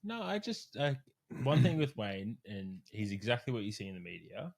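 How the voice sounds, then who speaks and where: Lower-voiced man telling stories. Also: normal speed, gravelly. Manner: animated storyteller, swears freely. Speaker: strength coach. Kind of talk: casual podcast chat.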